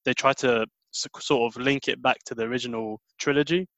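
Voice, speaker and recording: A man's voice: medium pitch, steady tone, brisk, a bit bright, no echo, low-quality recording. A man chatting casually, mocking and incredulous, with slangy phrasing. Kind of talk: casual chat.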